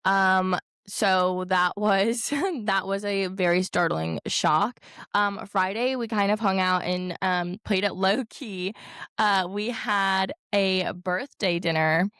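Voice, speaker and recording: A woman's voice: mid-range voice, fairly even intonation, slow pace, a bit bright, clear, resonant tone, no echo, clean studio sound. A young woman, hosting a podcast and telling a story in a chatty way, with many fillers and mild swearing. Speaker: podcast host. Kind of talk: casual storytelling.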